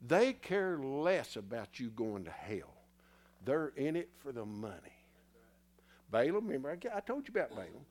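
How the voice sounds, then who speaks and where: A man's voice: mid-range voice, sing-song, moderate pace, a little mellow. A man preaching a sermon in a church in a folksy, teasing way, somewhat out of breath. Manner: folksy, teasing the congregation, spells words letter by letter.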